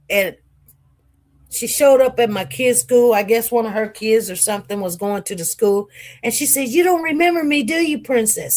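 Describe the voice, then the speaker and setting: A woman in her forties gives emotional personal testimony from the witness stand. She talks unhurriedly in a fairly high voice, using animated, colloquial storytelling. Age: 40s.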